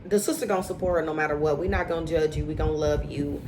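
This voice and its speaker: Recap host: chatty woman, lowish voice, opinionated, faint hiss behind. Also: fast. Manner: chatty and opinionated, acts out quotes with animated inflection. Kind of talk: casual recap commentary.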